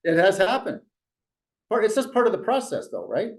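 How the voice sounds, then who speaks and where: A man leading a real estate sales meeting, telling a story in an animated coaching tone and often restarting his phrases. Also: sits high, moderate pace. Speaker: real estate team leader.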